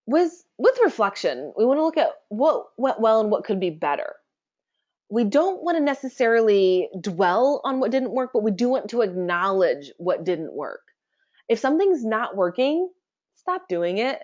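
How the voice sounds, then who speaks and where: A woman giving a conversational webinar presentation, chatty and relaxed, often asking her listeners rhetorical questions. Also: mid-range voice, normal speed, lo-fi sound.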